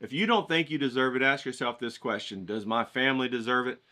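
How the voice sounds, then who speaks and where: A man's voice: mid-range voice, a little fast, pushed and bright. A man giving a folksy, profane motivational rant to his stream audience. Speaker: art streamer.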